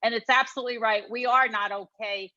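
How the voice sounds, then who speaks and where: Woman, bright and fairly high voice, earnest and thankful team leader; dry, lo-fi call sound. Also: steady tone, a little fast, no room sound. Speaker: business leader speaking to team. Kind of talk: motivational remarks. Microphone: video call.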